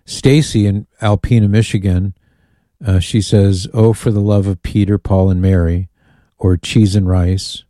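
A man's voice: fairly low pitch, fairly even intonation, measured pace, mellow, no room sound, studio quality. A man hosting a call-in radio show, chatting and reading listener emails aloud with amused asides. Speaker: radio host.

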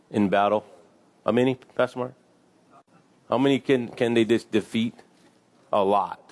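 A man preaching in a relaxed, chatty way. He reads scripture aloud and slips into playful little voices, laughing along. His voice sits at an ordinary middle pitch. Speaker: pastor. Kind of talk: casual sermon with scripture reading.

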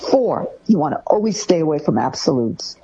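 Husky woman giving parenting advice. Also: low voice, sing-song, fairly quick, dark tone, dull audio. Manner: acts out parents' phrases in a raised voice. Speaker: host.

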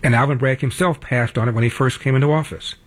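A man's voice: mid-range voice, fairly even intonation, quick pace, husky. An older man hosting a political talk radio show, delivering a wry, combative monologue that builds to emphatic peaks.

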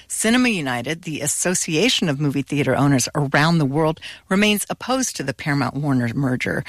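A woman news correspondent reporting in a clear, measured way from a radio studio. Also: low-pitched, dry recording. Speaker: culture correspondent.

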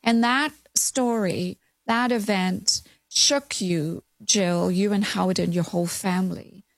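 A woman's voice: mid-range voice, slow pace, no echo. A woman, a mother and grandmother, hosting an interview and responding sympathetically. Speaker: host.

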